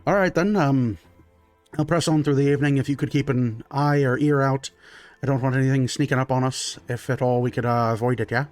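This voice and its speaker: A man voicing a brisk female wagon driver in a tabletop game, talking casually with fillers. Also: mid-range voice, fairly even intonation, a little mellow, no echo, soft background music, lightly acted.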